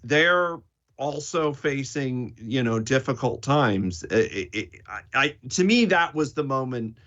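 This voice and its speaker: A man's voice: mid-range voice, animated, measured pace, a bit bright, dull audio. A man co-hosting a podcast, making emphatic points about a film with repeated words and casual swearing. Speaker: podcast co-host.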